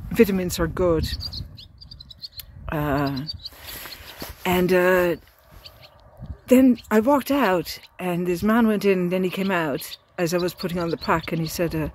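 A woman's voice: fairly low pitch, a little mellow, a little hiss or hum. An Irish woman telling a casual video diary while walking by a road, rambling with many fillers and restarts, a little tearful. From Ireland. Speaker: pilgrim vlogger.

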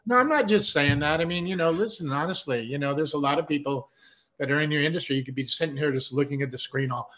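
Male host with a somewhat high, bright, forceful voice, loose and swearing freely. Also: quick pace. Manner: enthusiastic and profane, laughing often, with "man" and "you know". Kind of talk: casual podcast chat.

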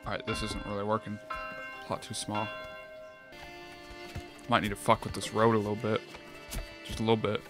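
Low-voiced dude cussing his way through a city builder, talks to himself, music under it. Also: normal speed, long pauses. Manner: profane, excitable, thinking aloud. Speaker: gameplay streamer. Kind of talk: casual let's-play commentary. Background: game music.

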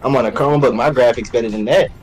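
A man's voice: mid-range voice, rapid-fire, a little mellow, faint music behind. A man teasing his friend during casual gaming chat, slangy and laughing often. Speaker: gamer friend.

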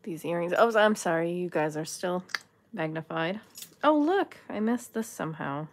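Woman vlogger, low gravelly voice, unhurried and musing; casual haul chat. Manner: musing, chatty, talks to the items. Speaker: thrift jewelry haul vlogger.

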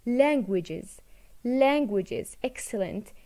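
Encouraging teacher. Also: female voice, a little high, expressive, very slow, warm tone. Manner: encouraging, repeats words, mixes English with Arabic explanations. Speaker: English teacher. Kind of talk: recorded video lesson for children.

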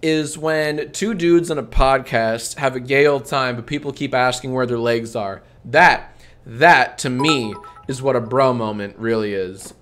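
A man's voice: medium pitch, measured pace, soft background music. Swearing, playful young male streamer. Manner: swears constantly, playful mock bravado; loud heckling boos. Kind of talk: comedic livestream banter.

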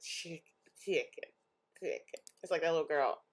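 A young woman vlogger's low voice has a breathy edge and moves at normal speed. She casually reacts to online posts, animated and frequently laughing or exclaiming.

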